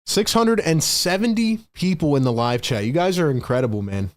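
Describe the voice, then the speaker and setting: A young man hosting a live stream, giving excited fan play-by-play of a basketball game and hyping up his chat. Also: fairly high pitch, normal speed, no room sound. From Philadelphia area. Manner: excitable, hypes the chat, shouts at big plays.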